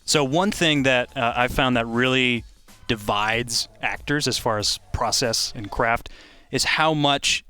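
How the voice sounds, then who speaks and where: A man's voice: medium pitch, a little slow, sharp tone, clean tone, soft background music. A man interviewing a voice actor, asking long, curious, conversational questions.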